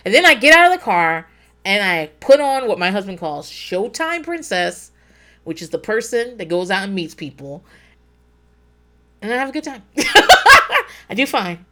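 A woman chatting casually on a podcast, her pitch leaping all over the place as she tells the story. She swears freely and laughs a lot. She acts out her own inner voice as she talks. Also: very animated, moderate pace, bright, forceful tone, a little hiss or hum. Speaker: podcast co-host. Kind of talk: casual chat.

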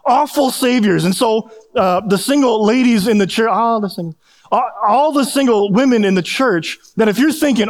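A man's voice: sits high, normal speed. A middle-aged male pastor giving a conversational sermon, with self-deprecating humor and frequent restarts.

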